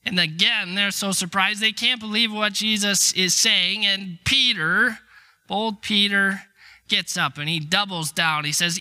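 A man's voice: high-pitched, fairly even intonation, unhurried, pushed and bright. A middle-aged man preaching a sermon in a conversational, emphatic way, acting out the quotes he tells. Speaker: pastor.

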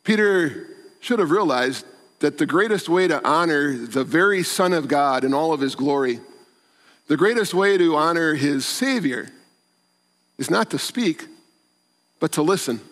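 A man's voice: on the high side, lively intonation, unhurried, fairly bright tone. A man preaching a sermon as pastor, earnest and pleading, repeating words for emphasis. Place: church. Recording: long church reverb.

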